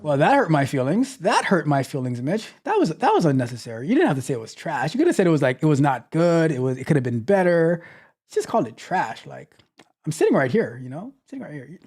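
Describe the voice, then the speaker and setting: Fast-talking and very animated, this man has a fairly high, warm, husky voice. While hosting a casual tech livestream, he reads out viewer comments and playfully teases them, staying loose and chatty and repeating phrases often.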